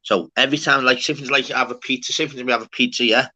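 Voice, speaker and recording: A man's voice: mid-range voice, steady tone, very fast, bright, forceful tone. A man from the north of England in casual, sweary, rambling banter while hosting a livestream. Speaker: livestream host. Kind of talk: casual chat.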